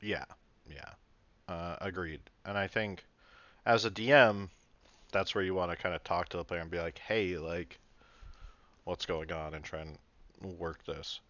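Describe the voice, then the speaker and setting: A man's voice: sits low, steady tone, measured pace, pauses often, fairly bright tone, no room sound. A man hosting a casual panel discussion about tabletop role-playing, rambling with many fillers and restarts. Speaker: podcast host and dungeon master. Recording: dull dry lo-fi sound.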